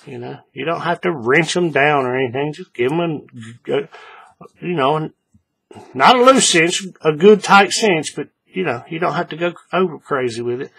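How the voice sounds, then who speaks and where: A man's voice: on the high side, vocal fry, slightly rough. A man casually walking viewers through a hands-on crafting tutorial, repeating steps and checking that they follow along. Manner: relaxed, repetitive, often checks the viewer follows. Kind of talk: casual step-by-step demonstration.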